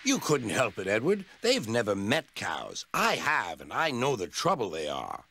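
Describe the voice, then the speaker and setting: Male narrator doing a gruff old tram engine for a kids' cartoon, slow. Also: on the low side, huge pitch swings, pushed and bright, full character voice. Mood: cross.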